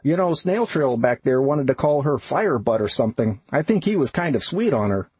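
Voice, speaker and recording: A man voicing a practical retired older man with a Minnesota accent who speaks slowly and enunciates carefully. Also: medium pitch, animated, darkish tone, slightly rough, dry recording. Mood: chatty.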